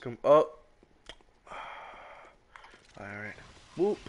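A man chatting casually with a friend while streaming a game, excitable and crude, repeating words in quick bursts. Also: medium pitch, noisy background. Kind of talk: casual gaming chat with a friend.

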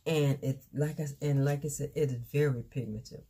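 A woman chatting excitedly in a casual unboxing vlog, recorded on a phone camera, halting with fillers. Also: rumbling low, background noise. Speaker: beauty vlogger.

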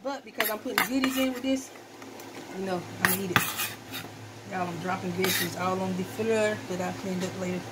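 Speaking a little fast with fairly even intonation, this cooking vlogger has a mid-range voice. She chats in a folksy, talkative way to viewers during a casual demo, chopping vegetables in her kitchen. The recording is very noisy with loud chopping and clatter.

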